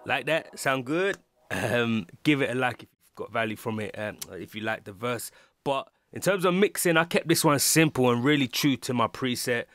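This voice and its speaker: A man's voice: mid-range voice, animated, normal speed, fairly bright tone, no echo. A man with a London English accent, a music producer talking through a casual tutorial, rambling with lots of ums and restarts. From England.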